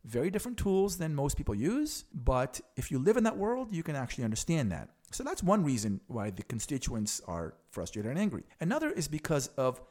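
A man's voice: a little high, wildly swooping pitch, a little fast, few pauses, a little mellow. A man giving opinionated political commentary, explaining things frankly to the audience with a sarcastic edge.

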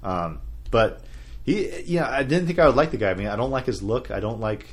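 A man's voice: medium pitch, animated, brisk. A man hosting a casual wrestling podcast, talking in a loose, rambling way. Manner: rambling, many fillers and restarts. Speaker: podcast host. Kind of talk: casual chat.

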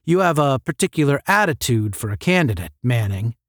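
A man's voice: medium pitch, big pitch swings, a little fast, dry recording, clean studio sound, lightly acted. A man reading a stern senior cadet in a space-academy story, snapping clipped orders.

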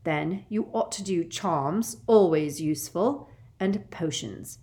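A woman voicing a stern older female professor in an audiobook, speaking crisply, curtly and a little haughtily. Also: lowish voice, slow pace, warm tone. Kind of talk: audiobook character voice.

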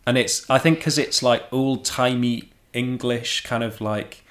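A man co-hosting a casual book chat, talking in an animated way with lots of fillers. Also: mid-range voice, a little slow. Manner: animated, filler-heavy, jumps into voices. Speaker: podcast co-host.

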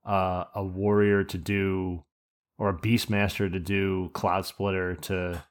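Low-voiced man in casual gaming chat. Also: flat delivery, slow. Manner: rambling, profane, joking. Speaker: podcast co-host.

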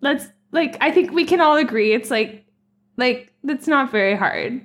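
A woman's voice: high-pitched, animated, a little slow. A woman guest on a podcast, chatting casually with many fillers. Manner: chatty, lots of likes. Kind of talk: casual chat.

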